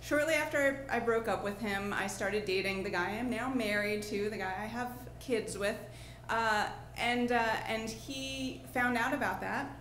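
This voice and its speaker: A woman in her thirties from New Jersey tells a personal story on a pub stage, chatty and full of fillers and restarts. Her voice sits a little high. The room is echoey, with faint noise behind her. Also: moderate pace, fairly bright tone. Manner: chatty, lots of fillers and restarts, laughing along. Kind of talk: improvised personal storytelling before a live audience.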